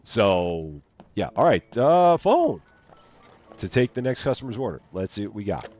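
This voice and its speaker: Lively low-voiced man streaming a game. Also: normal speed, faint music behind. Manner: chatty, playful, jokey asides; reads on-screen game text aloud. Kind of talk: live gameplay commentary.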